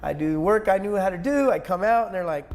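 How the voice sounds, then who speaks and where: A man's voice: high voice, expressive. A man being interviewed as a guest, retelling a personal experience intensely in conversation. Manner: intense, rushing retelling with sudden loud outbursts.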